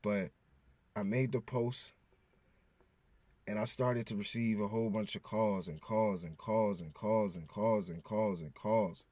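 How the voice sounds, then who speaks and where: Male vlogger, lowish voice, dry close sound, candid and halting confessional talk. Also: steady tone, darkish tone, no echo. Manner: earnest, halting, frequent restarts, casual swearing. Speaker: vlogger, father.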